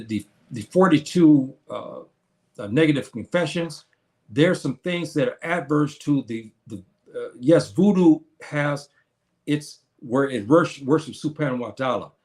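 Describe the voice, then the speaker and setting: A man's voice: medium pitch, a little mellow. A man hosting his own show, talking casually and earnestly to viewers, with many restarts, calling them brother and sister. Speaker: show host answering viewers. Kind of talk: casual livestream talk.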